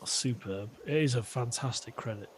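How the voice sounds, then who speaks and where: Calm man hosting a podcast. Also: mid-range voice, normal speed, slight background noise. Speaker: podcast host. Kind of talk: casual podcast chat.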